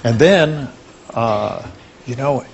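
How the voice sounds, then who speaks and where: An older man, a talk show guest, reminiscing fondly and at an unhurried pace about his past. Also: medium pitch, expressive, creaky, highs cut off, slight background noise.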